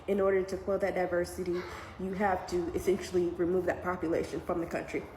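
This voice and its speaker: A woman's voice: fairly low pitch, flat delivery, fast talker, a little mellow. A mother giving earnest, emotional commentary to camera, near tears as she speaks. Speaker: parent reacting to news. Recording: echoey room with faint background noise.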